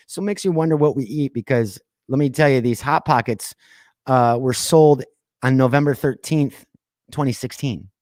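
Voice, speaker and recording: A man hosting a podcast, reading odd news stories aloud and breaking off into sarcastic asides, laughs and deliberate quiet pauses. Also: mid-range voice, dry recording, clean studio sound. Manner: reads news items then riffs with sarcastic asides and laughs; drops to quiet voice for dramatic pauses. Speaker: podcast host. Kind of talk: casual news commentary.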